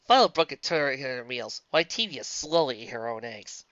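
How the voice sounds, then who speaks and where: Woman reading fanfic aloud, lowish voice, muffled dry recording. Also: lively intonation, normal speed, few pauses, a bit bright, no room sound. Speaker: fan fiction reader. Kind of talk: storybook narration.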